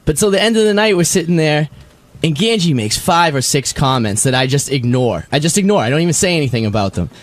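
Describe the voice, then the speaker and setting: A man's voice: fairly high pitch, expressive, fast. A man on a radio talk show, indignantly recounting a party quarrel and arguing his side in a raised voice. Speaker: show staffer. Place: radio studio.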